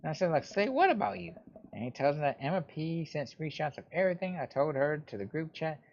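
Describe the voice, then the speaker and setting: A man's voice: a little high, fast talker, a little mellow, lo-fi sound, a little hiss or hum, natural voice. A man doing a sulky venting teen girl. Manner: rambling, exasperated, gossipy. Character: upset teenage girl venting to her dad.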